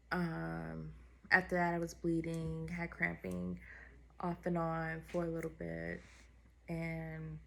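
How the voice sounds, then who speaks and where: Candid woman vlogger with a gravelly low voice. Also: fairly bright tone. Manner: candid, heartfelt, conversational with fillers. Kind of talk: personal vlog story.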